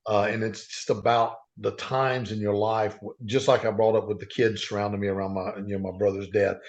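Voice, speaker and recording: A man's voice: fairly low pitch, level tone, a little fast. A man telling earnest stories as a podcast guest, rambling with frequent restarts. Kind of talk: casual storytelling. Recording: dull lo-fi sound.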